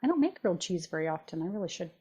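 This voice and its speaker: A woman co-hosting a cooking podcast in casual chat, animated and playful. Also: fairly low pitch, very fast, breathy edge. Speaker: podcast co-host.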